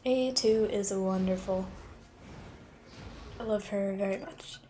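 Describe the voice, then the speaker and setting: A woman's voice: mid-range voice, a little slow, dark tone, a little hiss or hum. A young woman chatting and giggling as she plays through a video game on a livestream. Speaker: streamer. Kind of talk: casual gameplay livestream.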